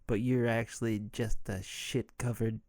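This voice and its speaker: A man's voice: medium pitch, little pitch movement, measured pace, a little mellow, dry recording, studio quality, close to an everyday voice. A man voicing a brash small-time crook in a pushy, wisecracking way. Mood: scheming.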